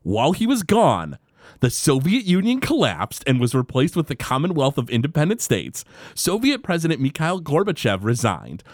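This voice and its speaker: A man's voice: on the high side, wildly swooping pitch, moderate pace, dry recording, studio quality. A man co-hosting a casual podcast, chatty, with lots of "uh" fillers. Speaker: podcast co-host. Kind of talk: casual chat.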